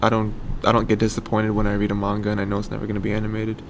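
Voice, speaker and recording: A young man co-hosting a casual podcast, joking and laughing with his friend. His voice sits low and has a gravelly fry. Faint noise hums under the recording. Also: completely flat delivery, very fast. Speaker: podcast co-host. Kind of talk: casual chat.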